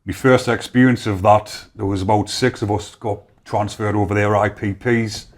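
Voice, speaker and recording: A man's voice: lowish voice, little pitch movement, moderate pace. A man with a North East English accent, a podcast guest telling stories in casual chat and acting out quoted voices. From North East England. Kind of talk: casual storytelling.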